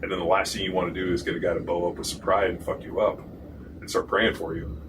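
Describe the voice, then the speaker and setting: A man, a former pro football lineman and podcast host, telling profane, animated stories in casual chat. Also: sits low, fast talker. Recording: distant mic with noisy room.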